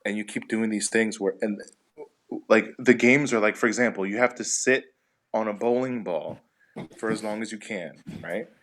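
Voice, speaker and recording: A man's voice: on the low side, normal speed, a bit bright. A man in a casual comedy chat, telling long rambling stories packed with profanity. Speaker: podcast participant.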